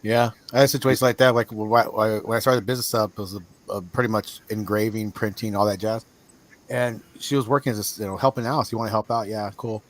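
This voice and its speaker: A man's voice: on the low side, fast. A man in casual conversation, sharing his own stories of running a business and agreeing supportively. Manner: relaxed, supportive, frequent short agreements. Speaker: guest and former business owner. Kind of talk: casual chat.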